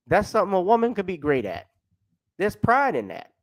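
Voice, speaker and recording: A man hosts a casual commentary stream, rambling along in a conversational way and calling out viewers by name. His voice sits a little higher than most men's. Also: huge pitch swings, normal speed, rough recording. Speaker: host.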